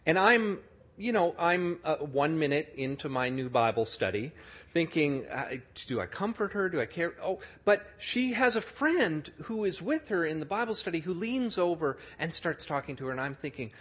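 A man's voice: fairly high pitch, sing-song, normal speed, fairly bright tone, slightly rough. A middle-aged man telling a story in a sermon, acting out the people he describes. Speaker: speaker telling a story to an audience.

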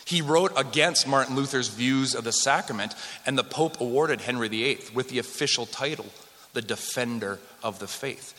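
A man's voice: mid-range voice, pushed and bright. A man from Western Canada giving a conversational history lecture to a live audience, joking with the room as he goes. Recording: long hall reverb.

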